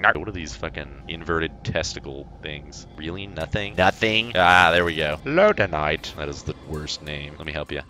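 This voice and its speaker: A man's voice: a bass voice, normal speed, bright, forceful tone. A man from the United States giving rambling, crude, self-mocking let's play commentary, laughing often. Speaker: gaming YouTuber.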